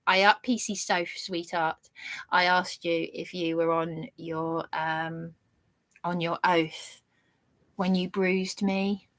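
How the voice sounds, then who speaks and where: A woman's voice: lowish voice, no room sound. A woman vlogging an indignant, ranting monologue with sarcastic jabs. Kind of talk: angry monologue to camera.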